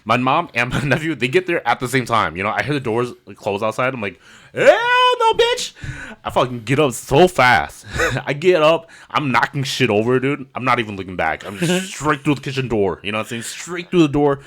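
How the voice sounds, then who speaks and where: A man, a podcast host and native Hmong speaker, telling a story in a casual, animated way, swearing often and keeping the listener hooked. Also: mid-range voice, fairly quick, hardly any pauses. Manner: animated, profane, keeps saying "you know what I'm saying".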